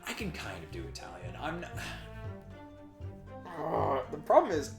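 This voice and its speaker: A man's voice: fairly high pitch, huge pitch swings, moderate pace, echoey room, soft background music. A man streaming a story game with his wife, reading its lines in put-on voices, often laughing, groaning and swearing. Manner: puts on character voices and accents while reading. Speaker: let's play streamer.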